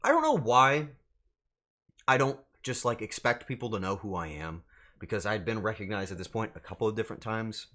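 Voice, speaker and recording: A man's voice: lowish voice, very animated, a little fast, pushed and bright. A man streaming as a VTuber, telling a rambling story straight to his chat and swearing freely. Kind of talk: casual storytelling to live chat.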